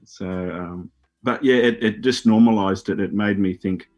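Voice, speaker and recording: On a radio show, a middle-aged Australian man, a former Olympic hurdler, tells rambling stories, repeating words and swearing casually. His fairly low, darkish voice is unhurried, with soft music playing in the background.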